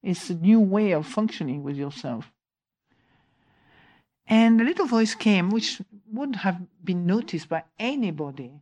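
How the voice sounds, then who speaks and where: A woman with a mid-pitched voice gives a relaxed dharma talk to her students. She tells her story with humor, laughs often, and mocks the chatter of her own mind. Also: unhurried. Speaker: meditation teacher.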